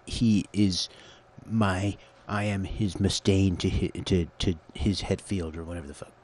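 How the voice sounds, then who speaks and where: A man's voice: deep voice, steady tone, unhurried, darkish tone. A man hosting his own show, rambling through a crude, profane, absurd monologue into a computer call setup. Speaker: solo show host.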